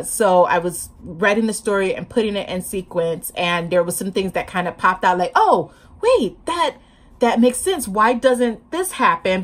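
A woman vlogging casually to camera about her writing, hyper and chatty, laughing often, talking with her hands, a bit sleep-deprived. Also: medium pitch.

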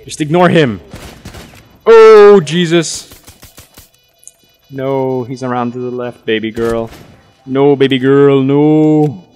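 A man co-hosting a game playthrough, excitable and full of crude jokes. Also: mid-range voice, slow pace, long pauses, clean tone, soft background music. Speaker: gamer co-host. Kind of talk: casual gaming banter.

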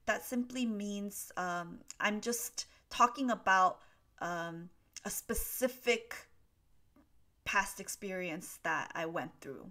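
Her voice is medium in pitch with a fairly bright tone, and she speaks at a measured pace. The woman, an English teacher live-streaming from a desk with a laptop, reads out viewer questions and works through them patiently, using many fillers.

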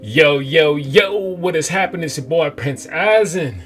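A young man hosting a gaming channel who recaps the story in rambling, excitable, profanity-laced slang. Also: a little high, a little slow, few pauses. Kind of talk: let's-play commentary. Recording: game music in background.

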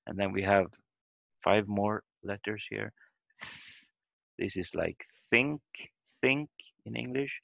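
A man teaching a language lesson over a video call, explaining slowly and haltingly and repeating example words aloud. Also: lowish voice, vocal fry, fairly bright tone, dry recording. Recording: dull lo-fi video call audio.

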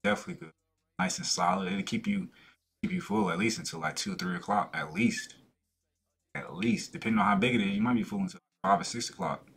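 A man's voice: on the low side, expressive, fast, vocal fry, a bit bright, slightly rough. A young man hosting a reaction video, chatting in a laid-back way and laughing often. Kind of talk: casual reaction commentary.

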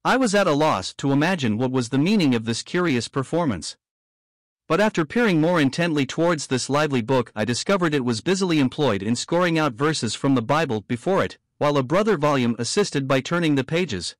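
Man reading with a higher voice, dry. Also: animated, no room sound. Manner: measured, earnest first-person storytelling. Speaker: audiobook reader. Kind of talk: scripted reading of a devotional story.

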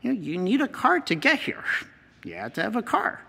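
American priest teaching, higher voice, earnest and repetitive, long hall echo. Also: male voice, wildly swooping pitch, a little fast, vocal fry, pushed and bright, breathy edge. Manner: earnest, repeats key phrases for emphasis. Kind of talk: teaching talk with slides.

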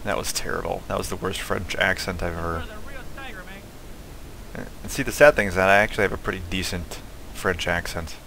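A man's voice: low voice, steady tone, a little fast, creaky, pauses often, bright, forceful tone. A man giving casual, joking commentary while playing a video game, laughing at his own mishaps. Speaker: let's play gamer.

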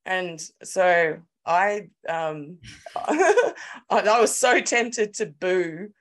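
An Australian woman co-hosting a podcast, telling a story in an animated, sweary, casual way. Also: on the low side, drawn-out words. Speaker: podcast co-host. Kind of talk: casual chat.

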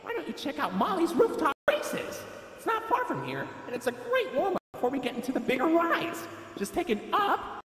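Chirpy cartoon raccoon guide. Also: female voice, high-pitched, wildly swooping pitch, normal speed. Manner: upbeat, chirpy, sing-song delivery. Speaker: theme park mascot guide. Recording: echoey game audio with long reverb.

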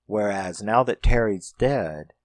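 Guy w a lowish voice chatting thru a slasher movie recap, swears a lot, dead dry sound. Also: lively intonation, slow, dry recording. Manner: rambling, profane, reenacts characters' lines. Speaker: horror movie reviewer. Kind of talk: casual spoken film review.

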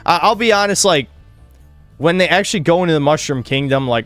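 A man's voice: a little high, animated, a little fast, fairly bright tone, soft background music. A man hosting a casual podcast, ranting crudely with heavy swearing. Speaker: podcast host. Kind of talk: casual gaming podcast chat.

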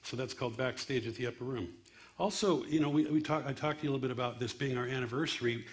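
A man's voice: mid-range voice, fast. A man hosting a comedy night, making loose, rambling announcements to the audience. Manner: loose, rambling, with fillers and restarts. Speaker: event host. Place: church comedy venue on stage.

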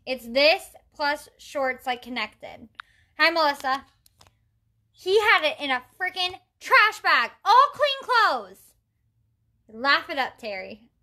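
She has a high-pitched voice with lively intonation, pushed and bright, and she takes it slowly. This young makeup vlogger does her makeup on a livestream, chatting casually, recounting stories with exasperated chattiness, and greeting viewers as she reads the chat.

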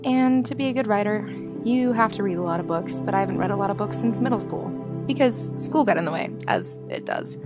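A woman's voice: mid-range voice, lively intonation, fairly quick. A woman introducing herself to camera, bubbly and chatty. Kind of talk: casual talk to camera. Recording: loud music behind.

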